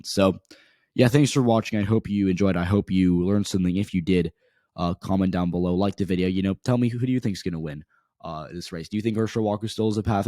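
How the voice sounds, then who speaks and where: A young man, hoarse from yelling, giving a casual, rambling analysis of election numbers as a political commentator, often stopping to correct himself. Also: sits low, dry recording, studio quality. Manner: rambling, self-correcting delivery.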